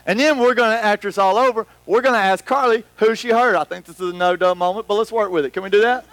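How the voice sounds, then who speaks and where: High-voiced, animated male preacher. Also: fast talker, dry recording. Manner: animated, rambling, acts out scenes. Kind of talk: sermon. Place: church hall with about a hundred people. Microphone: microphone.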